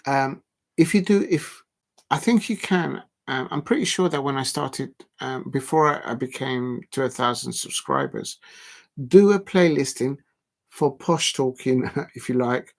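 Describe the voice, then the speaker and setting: Gravelly man chatting on a livestream. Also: mid-range voice, animated, a little slow. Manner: rambling, many ums and restarts, blunt. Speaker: livestream host. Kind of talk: casual live-stream chat.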